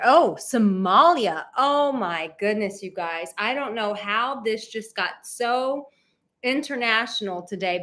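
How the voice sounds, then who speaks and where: A woman's voice: a little high, a bit bright. A woman who coaches on dating, hosting a livestream and talking straight to her viewers. Her manner is effusive and emotional, and she gushes with gratitude.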